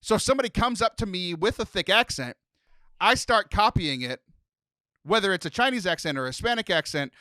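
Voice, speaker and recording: Bright, high-voiced chatty male podcast host. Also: brisk, no echo. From Texas. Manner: animated, rambling storyteller. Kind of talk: casual podcast chat.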